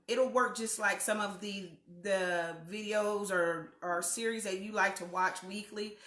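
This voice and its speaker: A woman's voice: mid-range voice, sharp tone, echoey room. A woman hosting a casual weekly live chat from her living room, greeting viewers by name as they join. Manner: chatty, greets viewers by name, slow and drawn out.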